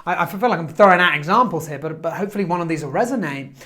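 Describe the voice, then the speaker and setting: Male motivational speaker, lively storyteller, quick delivery, acts out quotes. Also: a little high.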